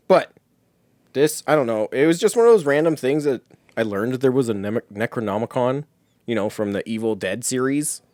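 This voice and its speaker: A man co-hosting a comedy chat, telling a story in a relaxed, halting way. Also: medium pitch, no echo, clean studio sound. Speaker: comedy podcast co-host.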